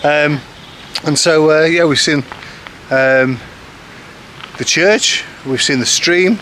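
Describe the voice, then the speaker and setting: A man's voice: a little high, takes it slowly, pushed and bright. A man chatting to camera in a casual, rambling, self-deprecating way, with lots of ums, as an expat vlogger. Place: outdoors in a village. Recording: outdoor noise with passing traffic.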